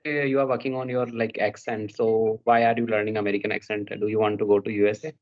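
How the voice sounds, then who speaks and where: A man asking questions in a practice conversation, hesitant and pausing with fillers. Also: fairly low pitch, level tone, darkish tone. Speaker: interviewer. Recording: dull lo-fi sound, away from the mic.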